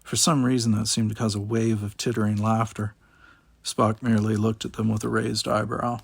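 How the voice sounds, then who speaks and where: Gravelly male audiobook narrator. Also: fairly low pitch, moderate pace, dry recording. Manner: steady storytelling.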